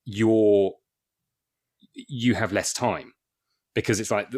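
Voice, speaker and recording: A man's voice: lowish voice, fairly even intonation, slow, darkish tone. A man chatting as a comedian guest on a podcast, rambling with many restarts and little acted dialogues. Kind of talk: casual podcast chat.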